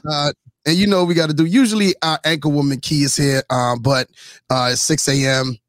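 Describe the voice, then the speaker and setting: Male co-host, fairly high voice, dry close sound, loose joking delivery. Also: steady tone, a little fast, dry recording. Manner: loose, joking, leads the segments. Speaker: podcast co-host. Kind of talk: casual comedic podcast chat.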